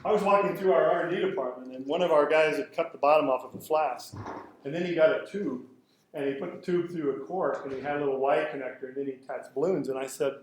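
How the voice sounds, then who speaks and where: A man's voice: on the high side, fast. Middle-aged man lecturing in an echoey hall. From Canada. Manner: lively storytelling, acting out quoted exchanges. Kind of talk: conference lecture with anecdotes. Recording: very echoey hall with faint noise.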